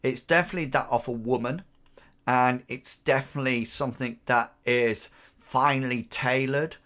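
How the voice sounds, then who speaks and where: A man's voice: mid-range voice, steady tone, normal speed, fairly bright tone. A man narrating as game master in a tabletop game, describing scenes with hesitant, filler-heavy phrasing.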